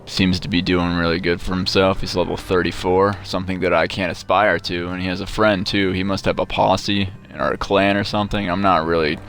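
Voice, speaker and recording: A man's voice: sits low, flat delivery, a little fast, hardly any pauses, fairly bright tone. A man giving sarcastic, mock-bragging gameplay commentary, profane and rambling. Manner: rambling with frequent restarts. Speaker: gamer commenting on his play.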